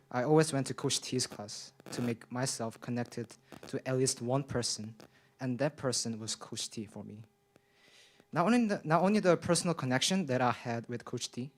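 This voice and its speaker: A young man whose first language is not English, reading a nervous, shaky public comment at a school board meeting, with many fillers and restarts. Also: mid-range voice. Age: young adult. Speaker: public commenter, college student. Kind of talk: nervous prepared speech.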